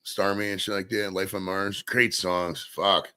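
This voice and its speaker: A low, level, smooth voice, bright and forceful but a little slow, comes from a man in Maine hosting his own stream. He talks alone in a loose, rambling, profane way.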